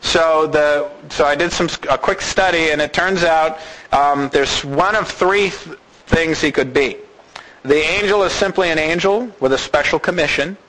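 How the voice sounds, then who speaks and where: A man preaching a sermon in an animated way, acting out the voices of the people he talks about. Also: on the high side, moderate pace, rough recording.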